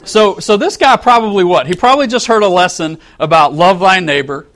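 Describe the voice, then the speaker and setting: A man with a fairly high voice preaches to a congregation, spinning a story with animated, playful energy. He acts out angry lines and chuckles along with his listeners. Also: brisk. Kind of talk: sermon with storytelling.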